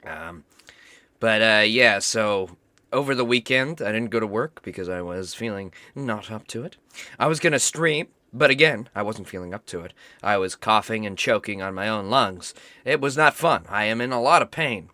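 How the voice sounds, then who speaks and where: A sick young man with a hoarse, cracking voice and a cough, chatting casually and swearing while he streams a game. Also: lowish voice, animated, moderate pace, pushed and bright, dry recording. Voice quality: rough, cracking voice. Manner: rambling, self-mocking, swears often. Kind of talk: casual gaming stream chat.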